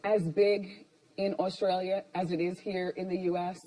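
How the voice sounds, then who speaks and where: A woman's voice: lowish voice, level tone, normal speed, warm tone. A woman hosting a daytime talk show, chatting and teasing her guest in a brash way. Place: TV studio with live audience. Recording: studio audience, mic at a distance.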